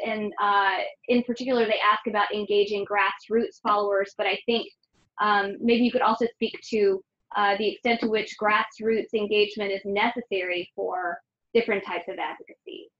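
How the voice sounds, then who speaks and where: A woman's voice: mid-range voice, flat delivery, normal speed, a bit bright. A woman moderating a webinar, summarizing points in a hesitant way with many fillers. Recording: dull lo-fi audio with faint noise.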